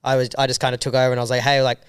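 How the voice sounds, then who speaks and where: An Australian man, a filmmaker guest, telling a story in a casual interview with a rambling, animated manner and casual swearing. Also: mid-range voice, very fast, clear, resonant tone, dry recording.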